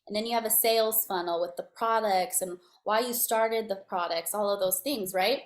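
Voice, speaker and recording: A woman giving a motivational network marketing talk, energetic and slangy, checking in with her listeners often. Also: medium pitch, moderate pace. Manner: energetic, slangy, coaching tone with frequent "right?". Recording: echoey room.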